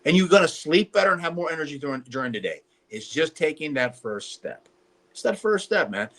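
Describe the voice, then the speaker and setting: Man with a higher voice, emphatic, casual podcast chat. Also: lively intonation, brisk, a bit bright. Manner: emphatic, preachy about training. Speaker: podcast co-host.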